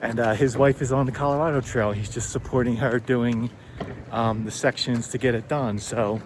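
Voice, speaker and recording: Relaxed chatty man outdoors in town. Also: medium pitch, normal speed. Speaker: thru-hiker vlogger. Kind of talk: casual vlog narration. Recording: outdoor street noise.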